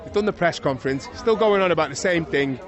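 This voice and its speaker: A middle-aged man with a Liverpool accent, a retired boxer telling a lively anecdote in a casual interview, chuckling as he goes. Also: on the high side, fast talker, crowd noise. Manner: lively storyteller, chuckling, swears oaths. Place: outdoors at an evening boxing event.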